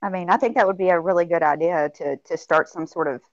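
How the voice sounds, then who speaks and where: A woman with a Southern US accent chatting casually, animated and drawling, calling people honey. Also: lowish voice, fast, dry recording. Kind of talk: casual chat. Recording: dry, lo-fi stream audio.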